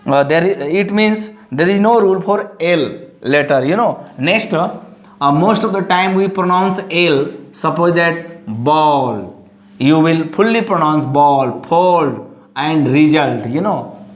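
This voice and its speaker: A man teaching a lesson, halting and full of fillers and restarts. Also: fairly high pitch. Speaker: English teacher. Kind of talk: classroom-style lesson. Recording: echoey room.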